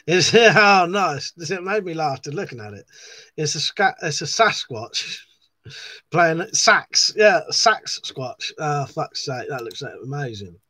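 A man's voice: fairly high pitch, animated, slow, pushed and bright. A man hosting a live stream, reading viewers' comments aloud in a casual, chatty way, swearing often and laughing at himself.

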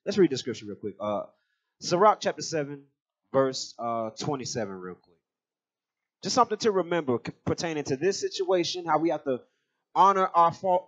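Brief: male radio preacher-teacher, emphatic, slightly high voice, lo-fi sound. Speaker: teacher leading scripture study. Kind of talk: religious radio talk show.

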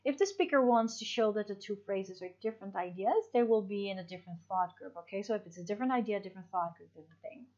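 A woman's voice: mid-range voice, lively intonation, quick pace, hardly any pauses, a little mellow. A woman teaching an English lesson, explaining step by step and checking in with her students. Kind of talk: online class lesson. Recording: dull lo-fi audio.

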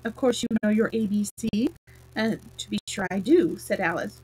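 A woman's voice: moderate pace, breathy edge, poor audio. A woman reading a children's classic aloud as a storyteller, raising her voice for the characters' lines. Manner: lively read-aloud, voices the queens higher and louder.

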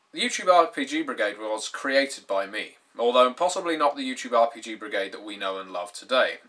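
Speaking in a medium-pitched voice that sounds pushed and bright, this British man in his twenties hosts his YouTube gaming channel. He talks casually to camera with dry, sardonic, wry humor.

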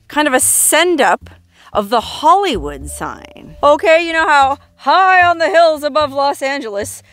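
A woman's voice: a little high, fairly bright tone. A woman hosting a travel vlog outdoors in the desert, telling stories in a playful, theatrical way with dramatic emphasis. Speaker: travel vlogger host.

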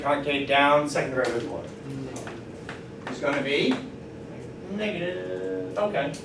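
A man teaching a math class, lively and encouraging, often asking the students questions. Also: a little high. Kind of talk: classroom lecture. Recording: roomy classroom from far off, faint noise.

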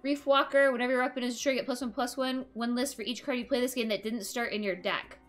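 A young woman streaming a card game, excitable and laughing often as she reads card text aloud. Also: on the high side, quick pace, soft background music. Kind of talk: live game commentary.

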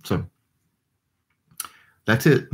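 A man, chatting casually with his livestream viewers and reading their comments, tired and yawning. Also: drawn-out words. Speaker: livestream host. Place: home desk with computers.

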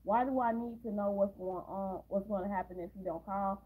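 A woman casually recaps a movie and throws in blunt, sarcastic asides. Her voice is husky and sits in a middle range. The audio is thin and phone-like. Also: medium pitch, fairly even intonation, fairly quick. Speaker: movie reaction host. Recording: tinny phone-like sound.

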